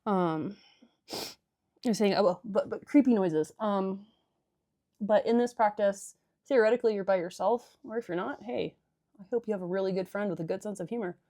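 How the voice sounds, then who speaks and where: A woman's voice: medium pitch, normal speed, mellow, dry recording, clean studio sound. A woman leading a casual guided stretching class, chatty and irreverent with joking asides. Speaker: yoga and stretching instructor.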